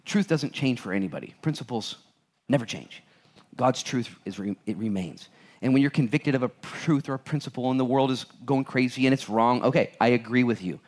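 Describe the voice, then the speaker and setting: Animated preaching man, mid-pitched. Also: brisk. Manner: animated, conversational preaching with acted-out voices; addresses congregation directly with questions. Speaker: pastor. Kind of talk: sermon.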